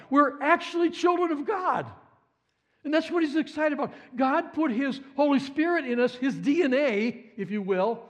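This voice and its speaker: A man preaching a sermon with passion, swinging from hushed repetition to excited exclamation. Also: extremely high pitch, unhurried, highs cut off. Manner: impassioned, swings from hushed to exclaiming, repeats phrases.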